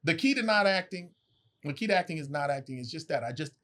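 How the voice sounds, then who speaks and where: A man in his forties, a guest actor telling stories in casual chat, animated, acting out quotes and swearing freely. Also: a little high, fast talker.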